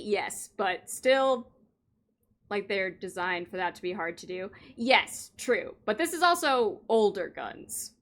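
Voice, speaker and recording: A woman's voice: mid-range voice, a bit bright. A woman streaming a game, chatting casually with viewers and giggling as she comments on the scene.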